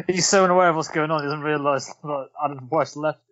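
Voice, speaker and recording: A man's voice: fairly high pitch, moderate pace, a loud crowd. A man chatting casually about a film, laughing often. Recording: dull lo-fi sound.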